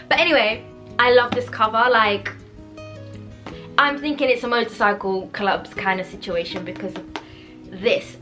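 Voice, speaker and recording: A woman chatting casually about books she has bought, bubbly and giggly, with animated outbursts. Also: on the high side. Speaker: book vlogger. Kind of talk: casual book haul chat.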